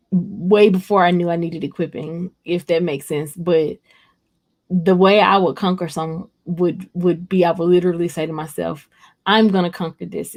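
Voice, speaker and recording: Speaking directly to her audience, a woman on a casual livestream reads out comments and responds warmly, rambling and chatty. Her voice is on the low side with a darkish tone.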